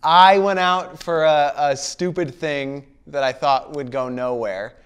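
A man from Connecticut, an actor guest in a casual comedy interview, talking in a self-deprecating, deadpan way. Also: on the high side, unhurried, clear, resonant tone. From Bridgeport, Connecticut, US.

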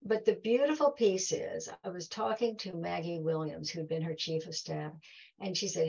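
A woman's voice: on the low side, moderate pace, gravelly, a little mellow, slightly rough, muffled recording. A woman giving a heartfelt talk to an audience, telling stories and acting out quoted dialogue. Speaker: guest speaker.

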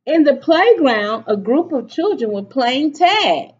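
Animated woman reading a picture book. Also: high voice, slow. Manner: animated, stops to ask children questions. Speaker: teacher reading to children. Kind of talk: picture book read-aloud. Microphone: webcam. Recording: slightly dull webcam audio.

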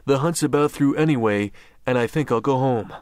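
Resolute young frontiersman, firm, clipped, mid-pitched man, dry close mic, read by a male narrator. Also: fairly quick, darkish tone, no echo, close to an everyday voice. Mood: commanding.

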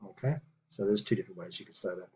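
A man teaching a language lesson on video, explaining patiently with many fillers and reading example phrases slowly. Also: low voice, mellow, highs cut off.

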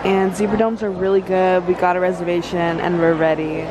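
A young woman vlogging casually, excitable and gushing, quick to laugh. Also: fairly low pitch, background noise. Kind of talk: casual vlog chat. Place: outdoors at a busy theme park. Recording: loud crowd and music behind.

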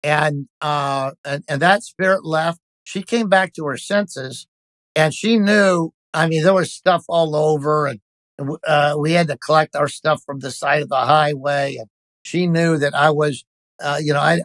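A man's voice: fairly high pitch, unhurried, fairly bright tone, no room sound. A man, a pastor, telling a personal story in an interview, speaking intensely and emphatically with frequent restarts.

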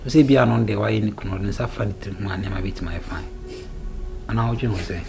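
A low-voiced lamenting man. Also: fast talker, creaky, darkish tone, soft background music. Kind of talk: Twi film acting.

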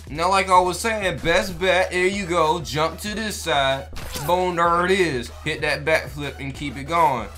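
A young man giving casual gameplay commentary, loud and excitable, yelling at the game and swearing freely in slang. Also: on the high side. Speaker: gaming YouTuber.

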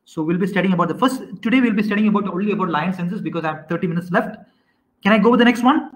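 A man lectures an online class in a high voice. He keeps quizzing his students and repeats questions with halting restarts. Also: rough recording. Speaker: teacher.

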